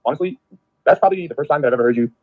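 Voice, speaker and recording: A man speaks very fast in a middle-pitched, raspy voice. He swears constantly and circles back over his point. The sound is squeezed through a phone line. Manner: profane, rambling, animated. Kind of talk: casual rant on a live show. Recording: phone-line call audio.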